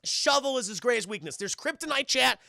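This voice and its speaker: A young man recapping an episode for his stream chat, profane, animated and quick to laugh. His voice is gravelly and bright. The recording is dry and close. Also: extremely high pitch, dry recording. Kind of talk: casual chat to a live chat.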